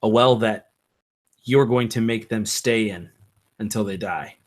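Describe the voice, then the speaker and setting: A man narrating a tabletop game as game master, in slow, halting narration with fillers. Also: fairly low pitch.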